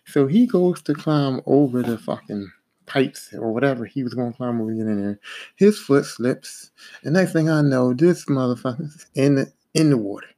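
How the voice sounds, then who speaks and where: A man casually telling a profane, animated story about a job that went wrong. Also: medium pitch, moderate pace. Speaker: podcast host telling work stories. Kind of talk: casual spoken anecdote.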